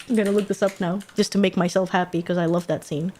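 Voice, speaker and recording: A young woman streaming, chatting casually and excitedly, laughing often and swearing freely. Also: fairly low pitch, quick pace. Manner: giggly, excitable, swears casually, repeats quotes.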